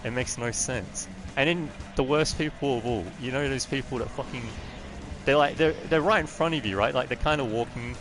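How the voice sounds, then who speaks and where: A man's voice: medium pitch, fairly quick, over music. A man with an Australian accent, chatting casually and rambling into rants while livestreaming a game. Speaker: gaming livestreamer. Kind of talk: casual gameplay commentary.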